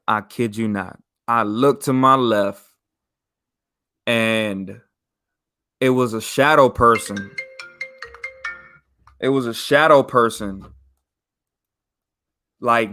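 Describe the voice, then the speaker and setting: A young man telling a ghost story on a podcast, in a relaxed and slangy way. His voice sits at an ordinary middle pitch and climbs sharply when he gets worked up. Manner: animated, slangy, rises in pitch and volume for emphasis. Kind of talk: casual storytelling.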